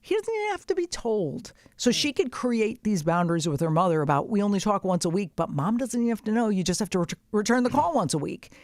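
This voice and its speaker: A woman's voice: mid-range voice, sing-song, quick pace, few pauses, a little mellow, no room sound, studio quality. Brash, profane woman podcast host. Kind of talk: casual advice chat.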